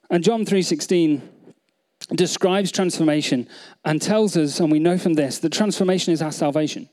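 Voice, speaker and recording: A man's voice: a little high, moderate pace, a little mellow. A man preaching a sermon, earnest, repeating phrases and asking the congregation questions. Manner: earnest, many restarts, repeats phrases, asks the audience questions. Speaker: pastor.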